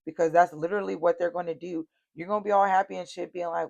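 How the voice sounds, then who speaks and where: A woman's voice: on the low side, steady tone, fast talker, gravelly, few pauses, darkish tone. A woman giving a casual tarot reading, speaking bluntly and straight to her viewers, cursing freely and repeating her warnings. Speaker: tarot reader.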